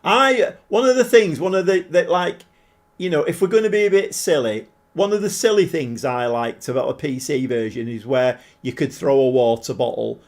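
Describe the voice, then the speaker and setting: A man's voice: on the high side, moderate pace. A man casually commentating while live-streaming a football management game and chatting with viewers, swearing mildly along the way. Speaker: game livestreamer.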